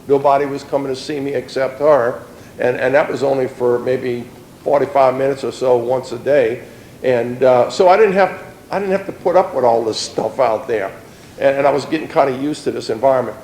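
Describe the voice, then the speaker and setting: A man's voice: mid-range voice, brisk, a little mellow, reverberant, a little hiss or hum, poor audio. A middle-aged man, giving a plain-spoken personal testimony in an earnest storytelling way.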